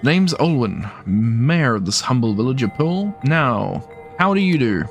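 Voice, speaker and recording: A man's voice: mid-range voice, big pitch swings, unhurried, faint music behind. A man putting on a flustered, anxious village mayor woman.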